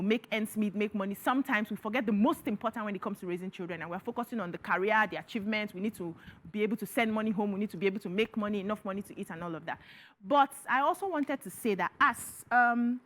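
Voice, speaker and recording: A woman co-hosting a TV panel talk show, speaking animatedly in a studio discussion. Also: fast talker. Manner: animated, rising pitch when worked up.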